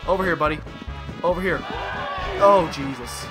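A young man giving casual, jokey let's play commentary, excitable and talking to the game figures. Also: on the high side, normal speed. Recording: voice over loud game music. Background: game music.

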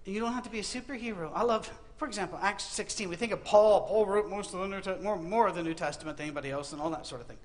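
A man's voice: high-pitched, racing, hardly any pauses. A middle-aged man preaching a humorous sermon, telling Bible stories with comic asides and acting out the quotes. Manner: animated storytelling with comic asides and acted-out quotes. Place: university auditorium.

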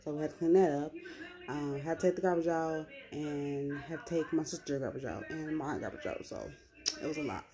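A young woman chatting casually to the camera in a vlog, with an animated, storytelling manner. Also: low-pitched, fairly quick, a crowd in the background. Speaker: vlogger.

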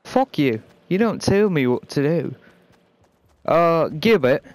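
A man's voice: fairly high pitch, animated, takes it slowly, a little mellow, a little hiss or hum. A man chatting brashly with random teammates while gaming, swearing constantly and putting on an exaggerated British accent. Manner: exaggerated put-on British accent, calling people mate and wanker. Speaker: gamer playing with random teammates. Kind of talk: profane gaming banter over voice chat.

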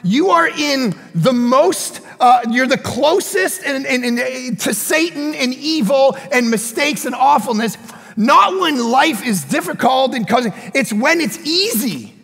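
A man preaching a sermon as pastor, telling a story with animated energy and sudden shouted bursts. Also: very high-pitched, measured pace, vocal fry, slightly rough, in a large hall. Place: church sanctuary.

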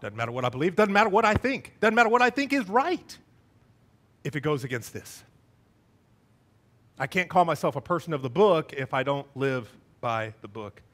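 A middle-aged man preaching a sermon as a church pastor, animated, acting out quoted voices with wide swings in pitch. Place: church sanctuary.

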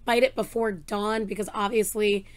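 A woman hosting a music reaction video, excitable and gushing, her voice a bit rough, talking at home. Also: mid-range voice, normal speed. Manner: gushing, excitable, exclaims often. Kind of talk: casual reaction commentary. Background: faint song playing.

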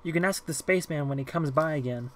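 A man voicing a timid eight-year-old girl who talks softly and quietly in an audiobook reading. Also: fairly high pitch, quick pace, natural voice. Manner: soft and hushed.

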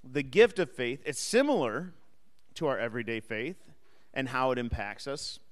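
A man's voice: mid-range voice, lively intonation, moderate pace, long reverb tail. A man teaching an adult Sunday school class, speaking conversationally, asking the class questions and joking lightly with them. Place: church classroom or hall.

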